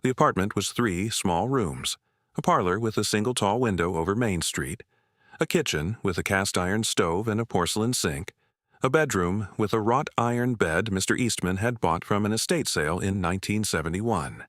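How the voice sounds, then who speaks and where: A man reading a scripted story in a slow, measured way. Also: on the low side, a bit bright, no room sound, clean studio sound.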